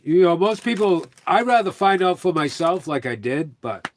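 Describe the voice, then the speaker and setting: A man's voice: high-pitched, expressive, moderate pace, a little hiss or hum. A middle-aged man chatting casually on a livestream, telling rambling stories full of quoted dialogue.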